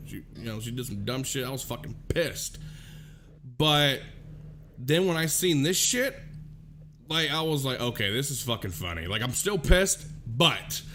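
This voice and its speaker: A man hosting a casual talk show, telling a story in a profane, animated way. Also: medium pitch, unhurried, a little hiss or hum.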